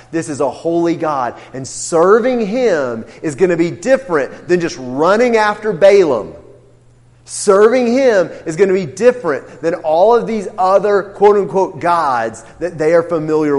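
A man's voice: a little high, darkish tone, long reverb tail. A man teaching an interactive Bible class, asking the group questions and acting out what the characters say. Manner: questioning, emphatic, acts out quotes.

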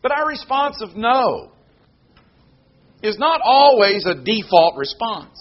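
A man preaching a sermon, moving from quiet prayer announcements to loud, emphatic points. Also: very high-pitched, lo-fi sound. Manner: animated preaching, shifts between hushed announcements and loud emphatic delivery. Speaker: pastor.

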